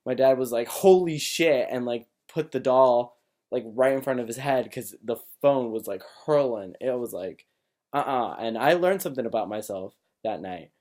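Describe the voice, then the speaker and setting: A young man casually telling a personal story to camera, animated, laughing often and full of filler words. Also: mid-range voice, moderate pace. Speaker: vlogger.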